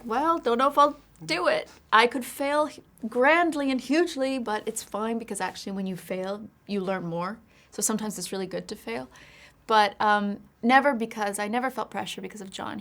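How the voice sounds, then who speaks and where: A woman in a film press interview, speaking in a middle-pitched voice. She answers thoughtfully and candidly, working through her ideas at length and reflecting as she goes. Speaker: actress being interviewed.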